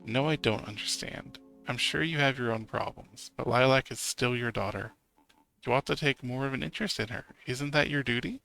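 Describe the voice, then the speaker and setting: A man's voice: mid-range voice, normal speed, gravelly, pushed and bright, faint music behind, low-quality recording. A man voicing a polite but firm young man who speaks earnestly.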